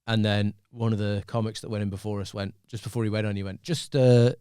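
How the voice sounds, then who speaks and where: A lower-pitched man rattles through anecdotes at a quick pace. He co-hosts a casual podcast chat. His voice sounds dry and close to the mic. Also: smooth, no echo. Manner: quick storytelling, animated anecdotes. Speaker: podcast co-host.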